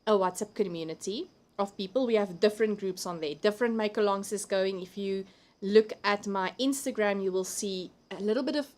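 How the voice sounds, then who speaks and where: A woman's voice: medium pitch, fairly quick, darkish tone. A South African woman hosting a live crafting stream from home, chatting casually, laughing often and reading viewer comments aloud. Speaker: livestream host.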